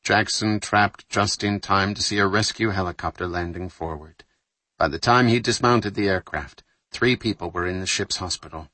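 A man reading a thriller audiobook aloud in a measured, steady narration, lightly voicing the dialogue. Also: low voice, no room sound.

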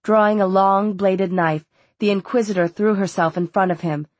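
A woman reading a novel aloud as an audiobook narrator, in a steady, measured way. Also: mid-range voice, no echo. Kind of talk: scripted narration.

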